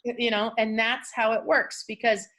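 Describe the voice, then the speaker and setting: A woman's voice: a little high, level tone, measured pace, fairly bright tone. Chatty storytelling woman speaker. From California. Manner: chatty, storytelling, acts out quotes. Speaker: motivational speaker. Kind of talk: motivational talk to a group.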